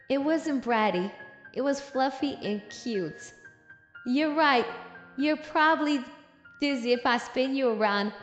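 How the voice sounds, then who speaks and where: Sassy woman comic-recap host, high-pitched and playful, echoey room with faint music. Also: dull audio. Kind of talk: casual comic review commentary.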